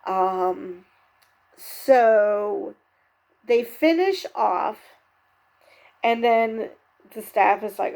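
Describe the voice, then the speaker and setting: A woman's voice: medium pitch, extremely slow, creaky, pauses often, a little mellow. A woman recapping and reviewing a TV show episode in a candid, chatty way, with lots of fillers and self-corrections. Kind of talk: casual spoken recap and commentary.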